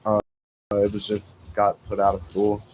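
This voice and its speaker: A man's voice: lowish voice, completely flat delivery, measured pace, a little mellow, slight background noise, poor audio. A man, a rapper guest giving easygoing answers in a radio interview. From Houston, Texas. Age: 30s. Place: radio studio.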